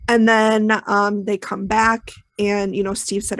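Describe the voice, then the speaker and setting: A woman's voice: medium pitch, flat delivery, normal speed, gravelly, no echo. A woman co-hosting a podcast, recapping a TV episode in a chatty, rambling way with many fillers. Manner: chatty storytelling with many ums and you knows. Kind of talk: casual chat.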